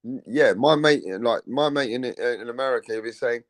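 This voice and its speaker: A man's voice: mid-range voice, brisk, few pauses, no room sound. Swearing British man, dry close sound. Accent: British English. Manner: swears freely, animated, mimics other accents. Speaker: host. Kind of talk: casual chat.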